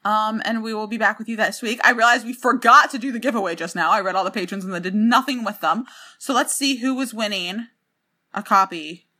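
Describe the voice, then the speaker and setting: A woman's voice: medium pitch, sharp tone. A woman co-hosting a podcast remotely, chatting casually with jokey asides. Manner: bubbly, jokey, fast asides. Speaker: podcast co-host. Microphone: remote recording, separate apartments.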